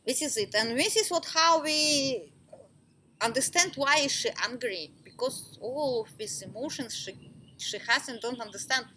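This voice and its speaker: Bright-voiced laughing woman teaching oils. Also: sits high, normal speed, a little hiss or hum. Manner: lively, laughs often, simple broken English. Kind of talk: informal talk to a small group.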